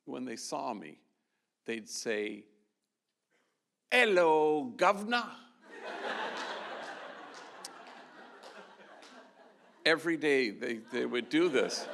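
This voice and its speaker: A man's voice: medium pitch, creaky, fairly bright tone. A man, a Jesuit priest, giving an award talk to an audience, telling stories in a loose, conversational way with frequent restarts. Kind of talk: storytelling speech to an audience. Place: event hall with a live audience.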